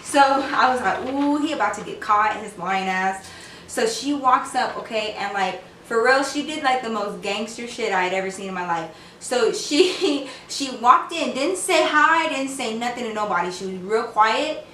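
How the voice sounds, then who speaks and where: A young woman talks straight to her camera, telling a story in a loose, slangy way and acting out what everyone said. Her voice is bright and sits a little high for a woman. The mic is a bit away from her, so the room echoes around her. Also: normal speed, few pauses, recorded from a distance, slight background noise. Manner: animated, slangy storyteller who acts out quotes. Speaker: vlogger.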